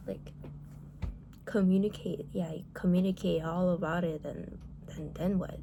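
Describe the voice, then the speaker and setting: A woman's voice: lowish voice, steady tone, measured pace, vocal fry, pauses often, dark tone, a little hiss or hum. A woman venting about relationships in a casual monologue, blunt and heated, swearing often and filling her talk with "like".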